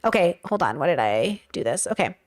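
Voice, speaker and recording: A woman's voice: low-pitched, very animated, brisk. A woman streamer reacting to videos in casual commentary, incredulous and thinking aloud as she rambles.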